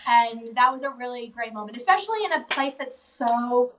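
A woman chatting casually as an interview guest, quick and full of "like" fillers. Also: fairly high pitch, animated, a bit bright, a little hiss or hum. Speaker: interview guest, reality show contestant. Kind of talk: casual live Q&A chat. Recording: distant, dull remote call audio.

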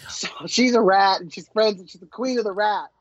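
A woman co-hosting a casual recap podcast, joking around and quick to laugh. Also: medium pitch, a crowd in the background, poor audio. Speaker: podcast co-host. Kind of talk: casual chat.

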